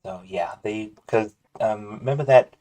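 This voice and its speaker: Easygoing stream regular, man with a low, mellow voice. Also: unhurried. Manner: joking, easygoing banter. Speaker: voice actor and stream cast member. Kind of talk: casual livestream chat.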